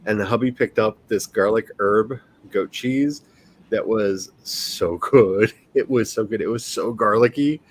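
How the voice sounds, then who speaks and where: A man's voice: on the low side, measured pace, a little hiss or hum. Chatty man hosting a casual livestream. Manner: chatty, rambling, laughs often. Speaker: livestream host, writer. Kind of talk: casual livestream chat with viewers.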